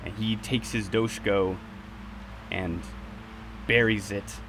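A man narrating a tabletop game as game master, in a measured, dramatic way. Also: fairly low pitch, fairly even intonation, noisy background. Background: music.

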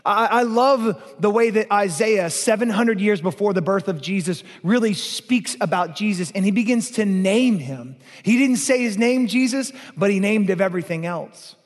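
A man preaching a sermon as pastor, emphatic and playful, slowing right down on key lines. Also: high voice, expressive, long reverb tail.

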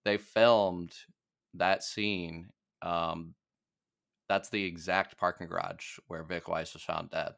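Deep-voiced man, casual podcast host. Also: slow pace, gravelly. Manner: laughs often, relaxed with fillers. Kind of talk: casual podcast chat about a TV show.

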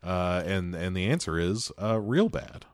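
A man's voice: deep voice, expressive, measured pace, no room sound, studio quality. A man co-hosting a casual podcast about movies, rambling with many restarts and fillers. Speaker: podcast co-host. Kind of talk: casual movie review chat.

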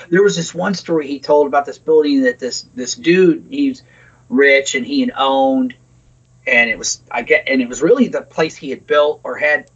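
A man's voice: on the high side, a bit bright, breathy edge, lo-fi sound. A man co-hosting a podcast, rambling and swearing with lots of "like" and "dude". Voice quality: rambling, profane, lots of fillers. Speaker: podcast co-host. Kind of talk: casual chat.

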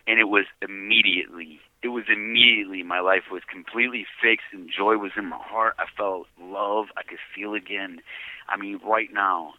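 A low-pitched man speaks earnestly and heavily about his past, his voice often sinking to a hush. The sound is dull and dry, like a call from a prison payphone. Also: fairly even intonation, normal speed, no echo. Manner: earnest, heavy, often hushed and breathy. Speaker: guest giving a testimony. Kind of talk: emotional personal testimony. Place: prison, calling in by phone. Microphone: prison payphone handset.

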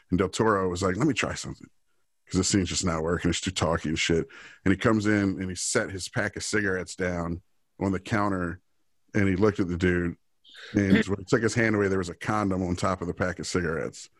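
A man's voice: deep voice, little pitch movement, fairly quick, dry recording. A man co-hosting a podcast, chatting casually and rambling through profane filmmaking stories. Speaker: podcast co-host.

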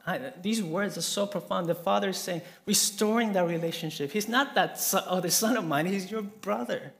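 A man preaching a sermon, telling a story earnestly and swinging between soft and emphatic delivery. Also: high voice, moderate pace, gravelly, few pauses.

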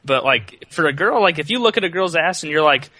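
A man with a bright, sharp voice who is a guest on a podcast. He trades sarcastic jokes and laughs often. His pitch sits somewhat high, and the sound is dry and close. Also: lively intonation, fairly quick, dry recording. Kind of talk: casual chat.

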